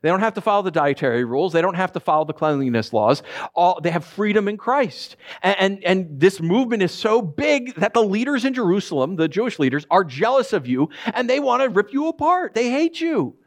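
A middle-aged man with a high voice preaches a sermon as a pastor. He tells stories in a joking, animated way, slipping quickly into put-on voices.

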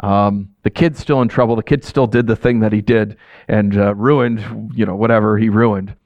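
A man's voice: on the low side, moderate pace, dry recording, lo-fi sound. Conversational male pastor preaching. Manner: conversational, animated, frequent "right?" asides. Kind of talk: sermon.

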